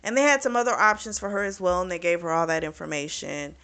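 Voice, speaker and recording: A woman's voice: on the low side, fast, smooth. A woman recapping a book's plot in a casual, chatty way, with frequent swearing and lots of fillers. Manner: chatty, profane, animated retelling with lots of fillers. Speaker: book reviewer.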